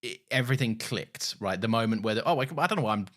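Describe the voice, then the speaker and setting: Excitable guy co-hosting a podcast, voice all over the place, swears and laughs a lot. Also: medium pitch, quick pace. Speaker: podcast co-host. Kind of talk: casual chat.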